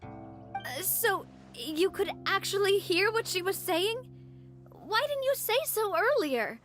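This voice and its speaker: A woman voicing a cheerful, outgoing young woman in a game, playful and quick to laugh. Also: very high voice, sing-song, a bit bright, soft background music, exaggerated voice. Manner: bubbly, playful, laughs easily. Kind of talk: game voice acting.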